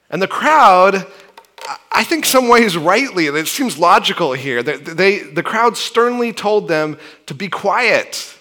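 Male pastor, conversational sermon delivery, slightly high, bright tone. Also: takes it slowly. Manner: conversational, animated preaching with frequent restarts and "right?".

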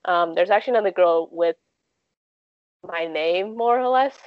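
A woman's voice: lowish voice, normal speed, no room sound. Chatty young woman, muffled dry sound. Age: 20s. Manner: chatty, frequent "like" and "um" fillers. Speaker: guest. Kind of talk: casual storytelling interview.

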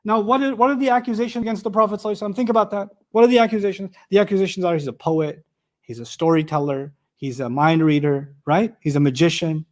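High-voiced man teaching Quran commentary. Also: fast talker. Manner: animated, rhetorical questions, recites Arabic verses. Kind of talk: tafsir lecture.

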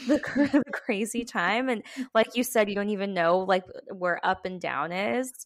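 A woman's voice: mid-range voice, unhurried, no room sound. Young woman hosting her podcast, super enthusiastic, very dry close sound. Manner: warm, enthusiastic, frequent "wow" and laughs. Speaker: podcast host. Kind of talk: casual chat.

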